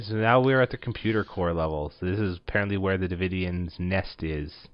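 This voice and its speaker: A man's voice: low-pitched, brisk, hardly any pauses, no echo. A man hosting a let's play, giving casual, rambling commentary full of filler words over his game. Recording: dull lo-fi dry voice recording.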